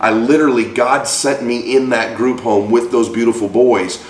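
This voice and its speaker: A man in his forties, a guest in an interview, telling a personal story with lively acted-out voices for the people in it. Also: mid-range voice, normal speed, far from the mic, slight background noise. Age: 40s. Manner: animated storyteller acting out quoted voices. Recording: roomy, from off-mic.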